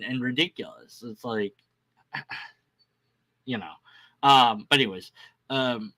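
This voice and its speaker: A man's voice: medium pitch, slow, long pauses, sharp tone. A man talking in a rambling, casual vlog monologue, full of fillers and restarts, with sarcastic mock quotes. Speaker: vlogger.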